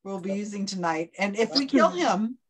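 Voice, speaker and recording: A woman's voice: medium pitch, animated, normal speed, husky. Chatty woman running a trivia call. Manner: chatty, laughing, gives step-by-step instructions. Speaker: trivia game organizer. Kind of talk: casual group video call chat. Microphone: computer mic on a video call.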